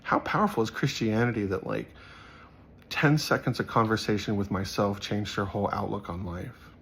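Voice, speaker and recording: A man's voice: lowish voice, animated, normal speed, gravelly, fairly bright tone, slight background noise. A young man giving casual, earnest commentary on Bible verses, rambling with many fillers. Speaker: Bible study vlogger.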